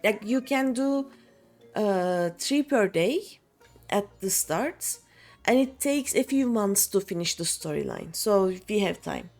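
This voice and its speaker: A woman's voice: medium pitch, expressive, slow, darkish tone, soft background music. A woman streaming a game, chatting casually and thinking aloud with many hesitant fillers. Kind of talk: casual gameplay chat.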